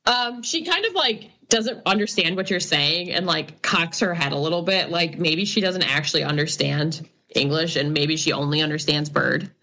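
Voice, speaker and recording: A woman's voice: low-pitched, normal speed, pushed and bright. A woman narrating as game master in a tabletop role-playing game, loose and full of fillers.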